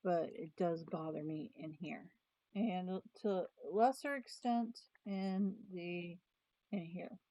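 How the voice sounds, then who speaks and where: Woman, casual planner vlog chat, rambling, mellow voice, dry slightly muffled recording. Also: fairly low pitch, takes it slowly, no room sound. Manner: rambling, thinking aloud with trailing restarts. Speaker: planner vlogger.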